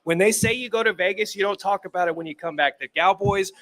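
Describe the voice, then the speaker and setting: A man with an unusually high voice co-hosts a live talk show. He is brash and emphatic and talks plenty of trash. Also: fast talker, a bit bright, poor audio. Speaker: co-host.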